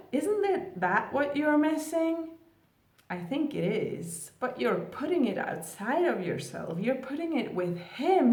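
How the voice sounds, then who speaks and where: A woman coaching on twin flames, talking casually to her viewers with many rhetorical questions and "like" fillers. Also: a little high. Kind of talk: casual advice talk to camera. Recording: echoey room.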